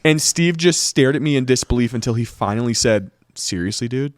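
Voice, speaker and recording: A man co-hosting a casual comedic podcast, reading listener stories aloud in a steady, even way. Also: mid-range voice, brisk, no echo.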